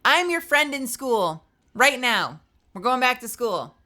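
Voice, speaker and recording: A woman in her thirties, a streamer chatting casually with viewers, outspoken and swearing freely, with lots of "like" fillers and an animated delivery. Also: a little high. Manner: animated, swings between quick bursts and drawn-out phrases. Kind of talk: casual live-stream chat, answering viewers.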